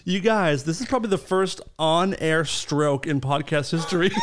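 A man's voice: on the high side, normal speed, few pauses, a bit bright, slight background noise. A man hosting a casual podcast, teasing and mocking his guest and swearing freely. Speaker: podcast host.

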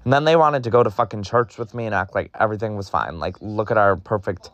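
Blunt, profane young man, low voice. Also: expressive, a bit bright, dry recording, dull audio. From Ohio, USA. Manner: blunt, profane and exasperated, with quick sardonic asides. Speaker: podcast host. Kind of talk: candid solo podcast monologue.

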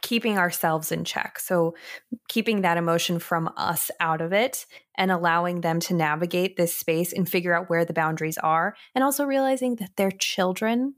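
A mother in her thirties co-hosts a casual parenting podcast, speaking earnestly in repeated, list-like phrases. Her voice is lowish and her pace moderate.

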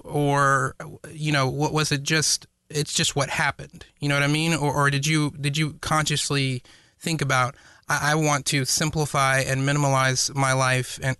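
A man's voice: mid-range voice, pushed and bright, clear, resonant tone, no echo, studio quality. A man hosting a podcast who asks long, meandering questions with many restarts. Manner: rambling, hesitant questions with restarts. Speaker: podcast host. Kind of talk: casual conversational interview.

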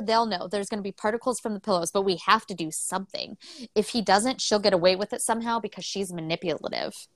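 A woman co-hosting a casual book podcast, retelling the story with animated voices for the characters and casual swearing. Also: medium pitch, dry recording. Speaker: podcast co-host.

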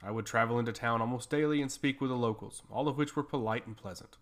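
A man narrating a first-person fantasy story in a steady, measured reading. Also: medium pitch.

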